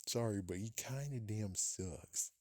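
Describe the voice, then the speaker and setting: A man's voice: lowish voice, measured pace, mellow, no echo. A man hosting a podcast, ranting casually in a profane, exasperated way and laughing at his own jokes. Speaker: podcast host.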